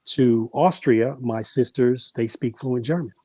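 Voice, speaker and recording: A man with a warm, mellow voice tells family stories as a podcast guest, circling back and restarting his sentences. His voice is recorded close and dry, with no room sound around it. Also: mid-range voice, a little slow, no room sound. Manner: rambling, frequent restarts and repeated words. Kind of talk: casual storytelling.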